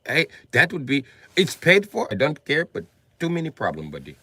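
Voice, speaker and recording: A man's voice: on the high side, huge pitch swings, moderate pace, pushed and bright, breathy edge, dry recording, pitched above the performer's own voice, heavily acted. A man voicing a friendly rich male gas station owner from India with a put-on Indian English accent who calls everyone buddy. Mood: chatty explaining. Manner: chummy, ends lines with "buddy".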